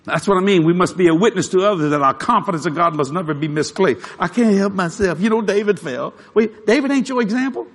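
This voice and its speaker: A man preaching a sermon, telling a funny story with frequent chuckles and shouted punchlines. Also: high voice, fast, hardly any pauses. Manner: animated, chuckling, shouts for emphasis.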